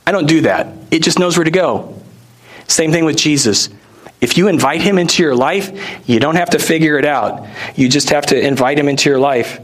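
A male pastor delivering a sermon with a slightly high voice. He talks like he is telling a story to friends, loose and conversational, and keeps throwing rhetorical questions at his listeners. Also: expressive, a little fast.

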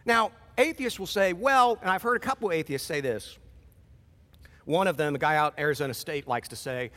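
A man preaching a sermon in a conversational, animated way, acting out short quoted exchanges. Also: on the high side, a little fast, big-room sound. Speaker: pastor.

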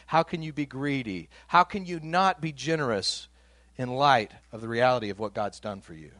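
A man's voice: a little high, a bit bright, no echo. A man preaching a sermon in a conversational way, reading scripture aloud and giving its quoted lines some voice. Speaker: pastor.

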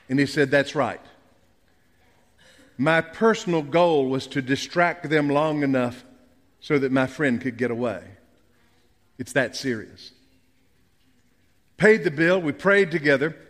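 A man preaching a sermon in a church sanctuary, telling a tense story with dramatic pauses and quiet, low asides. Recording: long hall reverb.

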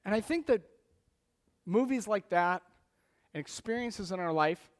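A man preaching a sermon in a conversational, animated storytelling way, acting out little scenes as he goes. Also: sits high, unhurried. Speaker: pastor.

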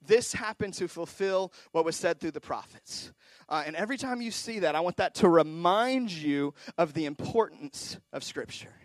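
A young man preaching to a youth group, his voice fairly high and the sound dry and close. He talks casually, dropping "uh" and "man," then builds to loud, pumped-up peaks. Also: no echo. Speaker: youth pastor. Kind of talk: sermon.

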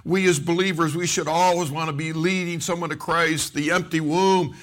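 A man's voice: a little high, normal speed, hardly any pauses. A middle-aged man preaching a sermon as a pastor, telling stories with acted-out quotes and frequent repeated words and restarts. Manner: animated storytelling with acted-out quotes.

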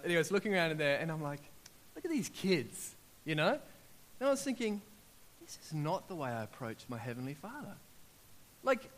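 A man, preaching a sermon in an animated, storytelling way, acting out his own prayers as he goes. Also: high-pitched.

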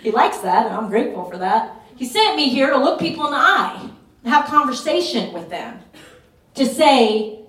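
A woman pastor delivers a fervent, urgent sermon at a retreat, driving her points home through emphatic repetition. Her voice sits high, very animated and fairly bright at normal speed, heard from a distance in a roomy echo.

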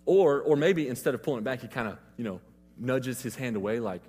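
A man's voice: mid-range voice, brisk, a little mellow, in a large hall, a little hiss or hum. A man preaching a sermon, retelling scripture in a casual, conversational way.

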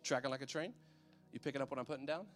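A man's voice: medium pitch, racing, faint music behind. A man preaching a sermon in a loose, conversational way, often checking in with his listeners.

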